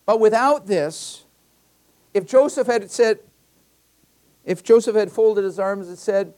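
A man's voice: high-pitched, slow, pauses often, darkish tone. Male pastor preaching a conversational sermon. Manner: conversational preaching with personal anecdotes; emphatic, repeats key phrases. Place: church.

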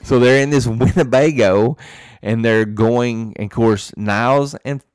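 A man's voice: medium pitch, unhurried, clear, resonant tone, no room sound. A man co-hosting a podcast, telling a long, rambling story full of restarts and fillers in a casual chat. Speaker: podcast co-host.

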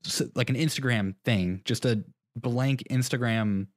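A man's voice: mid-range voice, unhurried, no room sound, studio quality. A young man co-hosting a podcast in casual chat, rambling through a story, laughing at himself often. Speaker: podcast co-host.

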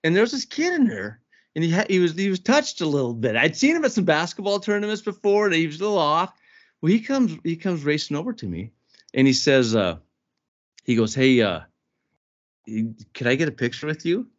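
A man co-hosting a podcast, telling a lively story in casual chat and acting out the people he quotes. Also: a little high, a little fast. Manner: animated storyteller, acts out quoted voices. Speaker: podcast co-host. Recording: dull lo-fi podcast audio.

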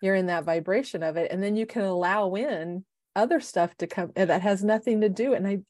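A woman's voice: mid-range voice, a little fast, dry recording. Chatty woman in her fifties, dry sound. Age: 50s. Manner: animated storyteller, acts out quoted voices. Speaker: podcast co-host, life coach. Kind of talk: casual chat. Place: home, city.

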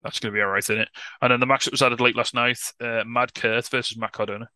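A man co-hosting a podcast, chatting casually and excitably, swearing and laughing often. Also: mid-range voice, fast talker, clear, resonant tone, dry recording. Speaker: podcast co-host. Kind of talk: casual wrestling podcast chat.

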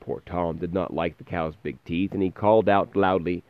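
Low-voiced man reading a fairy tale. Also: moderate pace, few pauses, dry recording, narrow, tinny audio. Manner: lively, stops to explain words. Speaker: storyteller.

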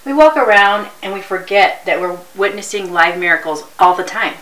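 A woman's voice: medium pitch, normal speed. A woman co-hosting a morning talk show, upbeat and encouraging. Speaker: co-host. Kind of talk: casual chat. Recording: bright voice in an echoey room, distant mic.

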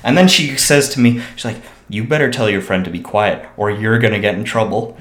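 A man's voice: lowish voice, a little fast. A man telling a story in casual chat, profane and indignant, swearing freely. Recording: roomy echo.

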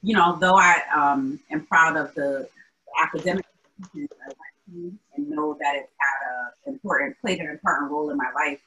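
A woman from Albany talks as a guest in a casual interview. Her voice sits low, with a bright, forceful edge. She thinks aloud and restarts her sentences, speaking earnestly about her views. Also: normal speed, low-quality recording. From Albany, New York. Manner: thoughtful, earnest, with many restarts.

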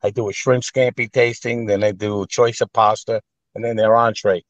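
A man's voice: fairly low pitch, normal speed, no echo, muffled recording. A man with a New York accent, a guest telling stories casually, blunt and full of swearing. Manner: blunt, profane, animated storyteller. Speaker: guest, actor and private chef. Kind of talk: casual storytelling.

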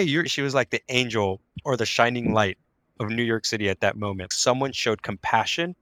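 A man's voice: mid-range voice, a little fast, a bit bright, dry recording. Upbeat man hosting a podcast, dry sound. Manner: upbeat, affirming, storytelling. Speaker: podcast host. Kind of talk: casual conversational interview.

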